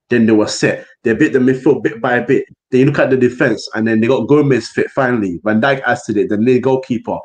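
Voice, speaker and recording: A young man hosting a casual football podcast, animated and slangy, acting out what others said. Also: medium pitch. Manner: animated, quick, slangy, acts out what people said. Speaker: podcast host.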